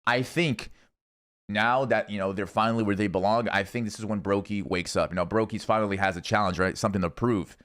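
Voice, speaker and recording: Young guy streaming, low-ish voice, swears a lot, rambles through his picks. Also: fairly even intonation, brisk, a bit bright. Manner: rambling, profane, thinking aloud. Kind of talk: casual esports predictions chat.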